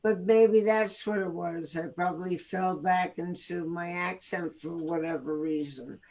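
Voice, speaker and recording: Woman, New York accent, slow pace, relaxed, laughs easily, live video chat guest. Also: lowish voice. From the Bronx, New York. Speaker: guest actress.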